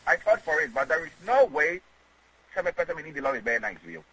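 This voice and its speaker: A man with a Ghanaian accent, an interview guest talking in an animated, emotional way, mixing English and Twi. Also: a little high, brisk, husky, poor audio.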